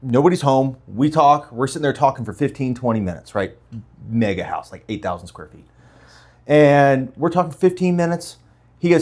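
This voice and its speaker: A man hosting a casual podcast chat, telling a story with lively acted-out quotes. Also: mid-range voice, moderate pace. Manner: animated storyteller, acts out quotes. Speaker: podcast host.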